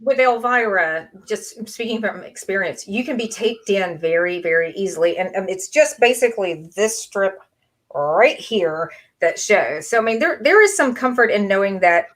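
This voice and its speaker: A woman's voice: medium pitch, expressive, normal speed. A woman co-host in a casual podcast chat, making wry, teasing remarks.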